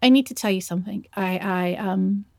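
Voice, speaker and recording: A woman's voice: medium pitch, normal speed, creaky, no echo, clean studio sound, close to an everyday voice. A young woman acting a shy, nervous lover in an audio role-play, stammering and hesitating as she speaks to her partner.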